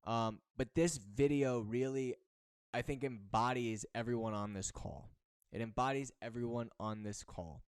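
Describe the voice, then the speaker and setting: A man gives a motivational talk as host, pressing his points by repeating words and phrases. His voice is smooth and clear, at a middle pitch. The sound is dry and close. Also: measured pace, dry recording. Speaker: football recruiting coach and host.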